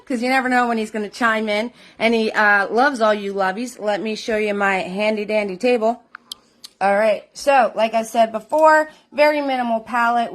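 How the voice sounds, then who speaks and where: A middle-aged woman hosting a live online painting class, bubbly and chatty, calling her viewers doll and sweetheart. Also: on the high side.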